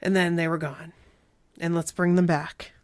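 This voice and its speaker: A woman's voice: on the low side, flat delivery, normal speed, no room sound. A woman hosting a casual fan podcast, chatting candidly and reading listener stories aloud. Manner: chatty, candid, laughs easily. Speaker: podcast host.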